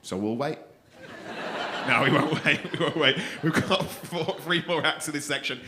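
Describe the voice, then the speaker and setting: A man hosting a comedy night, chatting to the room and building up to shouted introductions of the next act. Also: a little high, moderate pace. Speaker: comedy compere. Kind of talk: stand-up hosting. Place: comedy club stage. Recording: clear background noise in club.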